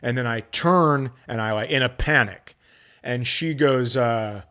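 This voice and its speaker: A man's voice: on the high side, measured pace, fairly bright tone, clear, resonant tone. A middle-aged male comedian hosting a podcast, telling a story in profane casual chat and acting out both sides of the conversation.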